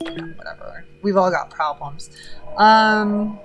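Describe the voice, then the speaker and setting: A woman's voice: sits low, animated, normal speed, bright, forceful tone, faint music behind, low-quality recording. A woman streaming a game, chatting casually and reading the game's text aloud as she thinks through her choices. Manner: chatty, thinking aloud with fillers between read-out passages.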